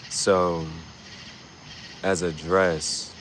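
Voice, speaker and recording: A man talks through a livestream in a loose, slangy, rambling way, now and then jumping into loud, excited bursts. His voice sits low, and he takes his time between thoughts. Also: extremely slow, a little hiss or hum, rough recording. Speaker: livestream host. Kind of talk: casual livestream commentary.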